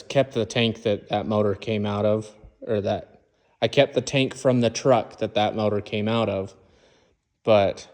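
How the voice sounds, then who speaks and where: A man's voice: on the low side, darkish tone. A man in his garage, casually explaining each step of his truck build in plain shop talk. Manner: walks through each step plainly, calls the engine "she". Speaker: mechanic filming his own truck build. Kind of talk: casual how-to vlog.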